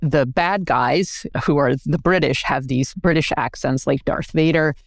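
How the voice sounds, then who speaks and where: An American woman, a history professor, explaining things in a clear, measured lecturing manner during an interview. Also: sits low, no room sound, studio quality. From United States.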